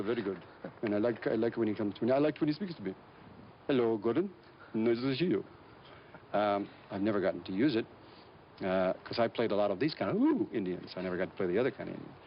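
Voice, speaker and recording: Man, actor guest, relaxed rambling storyteller, fairly low voice, muffled lo-fi recording, faint hiss. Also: fast talker. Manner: relaxed, rambling, many fillers and restarts. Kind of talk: casual anecdotal interview talk.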